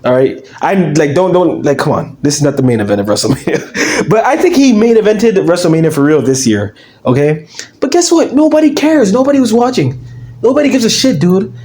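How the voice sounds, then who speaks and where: A man's voice: sits high, very animated, a little fast, a little mellow. A young man ranting about wrestling to camera in a brash, profane, mocking way, often trailing off with fillers. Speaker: wrestling commentary YouTuber. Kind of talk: casual ranting monologue to camera.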